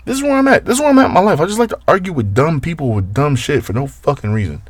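A man telling a story in a casual, profane rant, exasperated, with his voice jumping up and down in pitch. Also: big pitch swings, rapid-fire, husky, dry recording.

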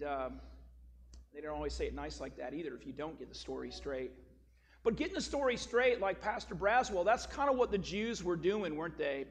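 A man's voice: sits high, a bit bright. A man preaching a sermon as a pastor, telling a story and then explaining scripture with emphatic, rising stress on key words.

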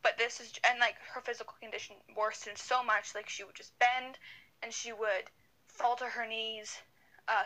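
Bright-voiced young woman, rambling storyteller. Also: a little high, fairly even intonation, moderate pace, low-quality recording. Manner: rambling, many fillers and restarts. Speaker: podcast co-host. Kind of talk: casual storytelling chat. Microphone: video call.

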